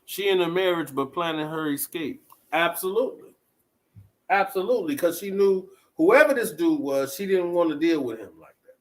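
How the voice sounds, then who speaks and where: A man's voice: on the high side, normal speed, low-quality recording. A man hosting a talk show, chatting casually and putting questions to his listeners. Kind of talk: casual commentary.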